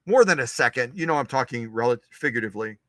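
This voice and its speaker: Bright, chatty man hosting a workshop stream. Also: mid-range voice, expressive, quick pace, no room sound. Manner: chatty, digressive, repeats phrases. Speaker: sewing machine restorer, show host. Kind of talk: live-stream workshop demonstration.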